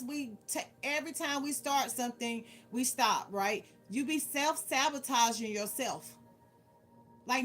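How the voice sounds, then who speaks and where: A woman's voice: high-pitched, a bit bright. A woman tarot reader, giving a casual spiritual pep talk. She talks in a preachy way and keeps asking "right?". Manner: preachy, repeats "right?" often.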